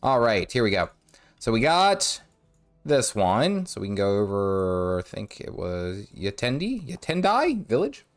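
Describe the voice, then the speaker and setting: A man chatting his way through a game stream with a lively, bouncing pitch. His throat is sore and his voice cracks now and then, and he rambles, restarts sentences and hums little nonsense tunes to himself. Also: a little slow, faint music behind. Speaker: gaming streamer. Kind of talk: casual live-stream commentary while playing.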